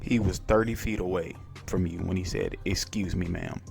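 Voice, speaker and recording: A man's voice: low-pitched, steady tone, moderate pace, creaky, a little mellow, faint music behind. A man hosting a commentary channel, reacting to a clip with a mocking, profane manner.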